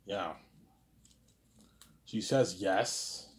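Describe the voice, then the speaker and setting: With a deep voice and drawn-out words, a young vlogger talks alone in a rambling solo monologue. He's boastful, repetitive, and prone to tripping over his speech.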